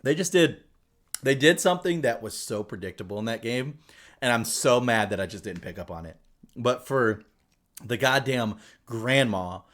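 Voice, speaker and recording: A man co-hosting a podcast, telling a story in casual chat with lots of swearing, fillers and excited asides. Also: medium pitch, normal speed. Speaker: podcast co-host.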